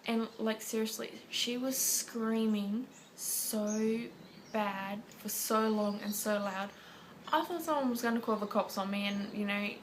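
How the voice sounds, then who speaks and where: Aussie mum vlogging, chatty, rambly with lots of "like"s, slow easy pace. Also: female voice, medium pitch, background noise. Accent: Australian. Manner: chatty, rambling with many fillers. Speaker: parenting vlogger. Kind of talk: casual chat to camera.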